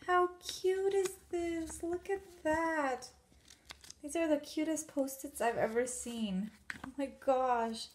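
A woman vlogger unboxing a gift package, gushing and gasping with excitement. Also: high voice, slow pace, a little hiss or hum.

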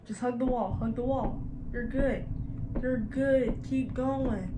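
A woman with a fairly high voice gives jittery horror game commentary, talking to herself and the viewers. She speaks slowly and drawn out. Loud game noise runs behind her. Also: expressive. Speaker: gaming creator.

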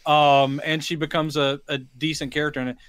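A man's voice: fairly high pitch, flat delivery, brisk, fairly bright tone, clear, resonant tone, no room sound. A man chats about a movie with a friend, tossing in wry, joking remarks. His voice sits a bit above the usual male range. The sound is dry and close, with no room around it. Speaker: podcast co-host. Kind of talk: casual movie recap chat.

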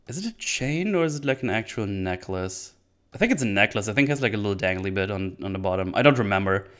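A man's voice: on the low side, expressive, fast, fairly bright tone. A man hosting a casual solo movie recap, rambling and laughing often, with many restarts. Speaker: podcast host reviewing a movie.

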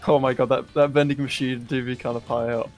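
A man playing a survival game with friends, giving animated callouts and laughing often. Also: medium pitch, fast talker, soft background music. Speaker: gaming teammate. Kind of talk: casual gaming chat.

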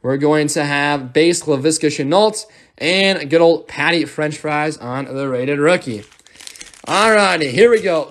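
A man's voice: fairly high pitch, a bit bright. A young man hosting a live sports card break, rattling off player names and thanking viewers as he opens packs.

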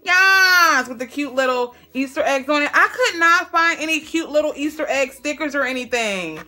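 A woman vlogger opens fan mail while chatting casually, her voice high-pitched and brisk. She's excitable, trips over her words, and calls her viewers "girl" and "y'all."

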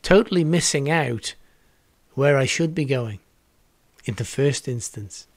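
A man's voice: mid-range voice, animated, a little slow, pauses often, no echo. A man in his sixties preaching a home video sermon, earnest and reflective, repeating words for emphasis. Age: 60s. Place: home setup with green screen.

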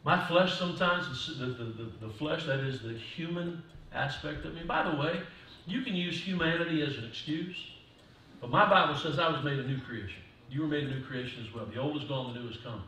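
A male pastor giving a sermon in a church, moving from quiet talk to loud preaching. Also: fairly high pitch, a little fast, slight background noise. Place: church sanctuary. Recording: distant mic in echoey church hall.

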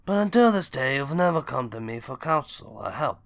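A proud older crime boss, grave and cold, lifts his voice higher and louder with measured, offended dignity, as a man reading a storybook puts him on. The tone is bright and forceful. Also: sing-song, vocal fry.

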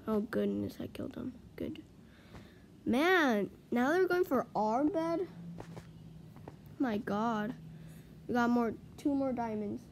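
A woman gives running commentary on her own gameplay, rambling and easily flustered, and she jumps into frantic panic whenever her team is in trouble. Her voice sits a little high. A faint hiss runs under the recording. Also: expressive, slow pace, gravelly, long pauses. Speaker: gaming video creator.

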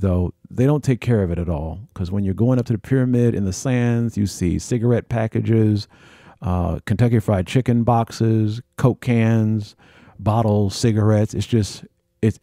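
Man telling a travel story, mellow. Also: fairly low pitch, moderate pace, dry recording, clean studio sound. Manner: animated storyteller acting out dialogue. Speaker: podcast host. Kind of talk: storytelling monologue.

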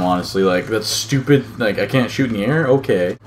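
A man's voice: on the low side, a little fast, slight background noise. A young man giving gameplay commentary as a channel host, muttering and swearing at the game in frustration.

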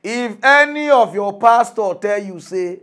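A young man speaking Nigerian Pidgin, ranting as a mock news commentator, excitable and laughing, with big swings in loudness. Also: high-pitched, unhurried. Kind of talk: comic rant.

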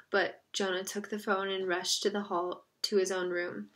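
A woman's voice: fairly low pitch, level tone, a little slow, hardly any pauses, a bit bright. A woman reading a children's novel aloud, narrating in a plain storytelling manner with small slips. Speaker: reader.

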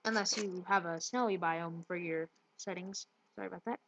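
A woman's voice: on the low side, fairly even intonation, moderate pace. A woman giving casual gameplay commentary, rambling and tripping over her words. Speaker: let's play gamer. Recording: muffled lo-fi with loud hiss.

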